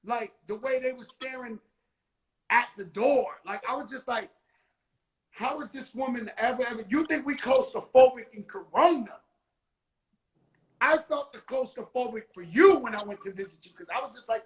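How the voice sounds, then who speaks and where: A man hosting a casual livestream chat, telling a story in an animated way and swearing freely, heard over a video call. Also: very high-pitched, moderate pace, low-quality recording.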